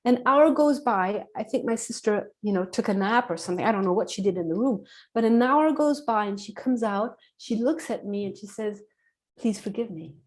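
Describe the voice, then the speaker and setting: A woman telling a personal story as a podcast guest, earnest, acting out dialogue in a hushed voice. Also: medium pitch, a little fast, hardly any pauses.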